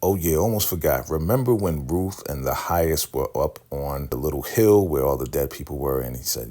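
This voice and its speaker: A young adult man giving a casual, animated TV episode recap. He calls his audience family and acts out quotes. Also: a bass voice, moderate pace, hardly any pauses. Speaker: TV recap YouTuber.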